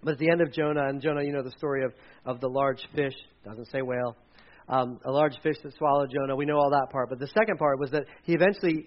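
A man's voice: fairly high pitch, highs cut off. A male pastor giving a sermon in a church, telling stories with animation and acting out quotes. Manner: animated storyteller, acts out quotes.

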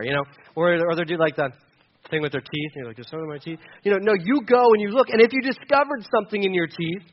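A man's voice: sits high, racing, dull audio, slight background noise. A man preaching a sermon in a conversational, self-deprecating way, acting out little everyday scenes. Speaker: pastor.

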